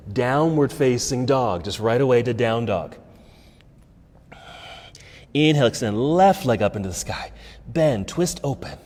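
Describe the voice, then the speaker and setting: An American man leading a yoga class, giving calm step-by-step cues for poses and breath. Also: medium pitch, long reverb tail. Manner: calm instructive cueing, breath counts. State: slightly out of breath. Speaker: yoga instructor. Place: yoga studio.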